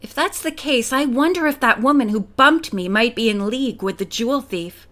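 A woman reading the part of a calm, thoughtful teenage girl detective in an audiobook. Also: on the high side, moderate pace.

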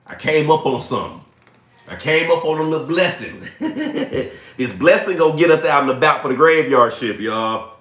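A man's voice: a little high, lively intonation, moderate pace, fairly bright tone, reverberant. A man hosting a casual live stream from home, chatty, laughing often and reading messages aloud.

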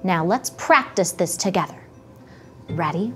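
A woman reading a rhyming picture book aloud to young children, guiding them gently in a slow, sing-song way. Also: mid-range voice, animated, faint music behind.

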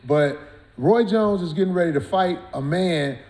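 Animated high-pitched guy hosting a comedy chat, bouncy voice, roomy echo. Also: moderate pace. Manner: loud, animated, laughing storyteller. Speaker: host. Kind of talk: casual comedic banter.

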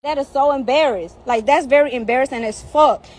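A woman's voice: high voice, fairly quick, a little mellow. A woman outdoors, venting to her followers in a heated, profane, repetitive rant. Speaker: social media personality.

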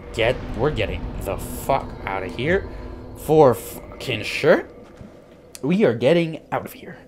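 A young man giving profane commentary on a blind let's play, mumbling to himself and taunting the enemy. His voice swings widely from low mutters to sudden yells. The mic picks up a steady wash of background noise. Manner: swings from muttered self-talk to yelling bursts; profane, trash-talks the boss. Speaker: gaming YouTuber.

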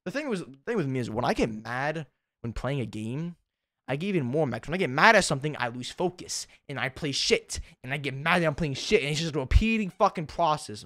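A man's voice: a little high, animated, a little fast, fairly bright tone, dry recording, clean studio sound. Tired young man rambling with cusses. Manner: rambling, heavy cussing, self-deprecating. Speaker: YouTuber. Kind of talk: casual unedited vlog chat.

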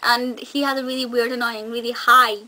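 A woman's voice: fairly high pitch, flat delivery, fairly quick, bright, forceful tone, poor audio. A young woman chatting enthusiastically to camera in a casual review, with frequent ums and restarts. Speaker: video reviewer.

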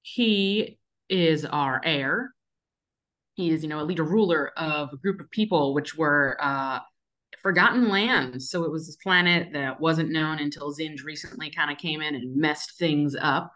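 A woman with a notably deep voice introduces her character at a tabletop game. She talks in a relaxed, meandering way with fillers. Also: a little slow. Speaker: player.

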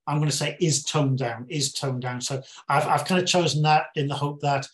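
A man's voice: mid-range voice, a bit bright. British man reviewing a film. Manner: measured, explanatory, plain-spoken. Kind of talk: casual interview chat.

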